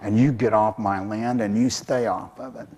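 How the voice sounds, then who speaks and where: A man voicing a tiny boastful male warrior mouse in a squeaky, bossy voice. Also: steady tone, normal speed, a little mellow, slightly rough.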